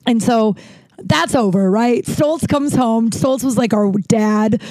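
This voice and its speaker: A woman's voice: medium pitch, fairly quick, dry recording. A woman in her thirties casually telling a long personal story, rambling and swearing, with many restarts and fillers. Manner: rambling, profane, animated retelling with many likes and restarts.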